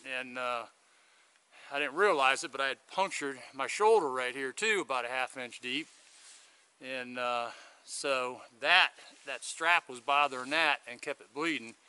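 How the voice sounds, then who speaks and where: A man's voice: mid-range voice, unhurried, bright, forceful tone, clear, resonant tone. A man chatting to a handheld camera outdoors on a hiking trail, rambling through a long story in a casual vlog. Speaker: hiker vlogging his thru-hike. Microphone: handheld video camera.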